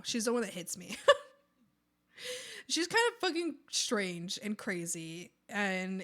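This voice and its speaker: A woman's voice: fairly high pitch, fairly bright tone. A woman streamer with a lisp, chatting casually and telling rambling stories with laughs while she draws. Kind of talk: casual chat while drawing.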